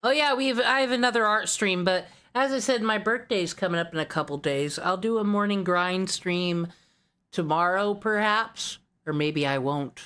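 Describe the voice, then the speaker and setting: A woman's voice: fairly low pitch, fairly bright tone, clean tone. A woman streamer chatting casually, wry and rambling, swearing offhandedly.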